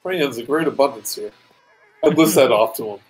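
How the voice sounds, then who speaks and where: A man's voice: mid-range voice, a little fast, soft background music, rough recording. A man with an ordinary mid-range voice plays a tabletop game over an online call. He narrates his character's moves and often trips over the first word, repeating it. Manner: stammers on restarts, narrates his character's actions. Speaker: player. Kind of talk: casual tabletop play.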